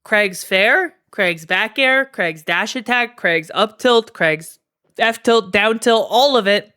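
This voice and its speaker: Slow-talking Canadian woman streamer. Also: mid-range voice, sharp tone. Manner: frank, profane, many fillers and asides to chat. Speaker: streamer ranking game characters. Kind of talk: casual live-stream commentary.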